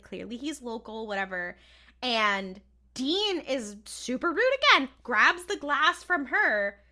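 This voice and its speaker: A woman co-hosting a podcast, recapping a TV episode in casual chat, laughing often and acting out the characters' lines in flat mock voices. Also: fairly high pitch. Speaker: podcast co-host.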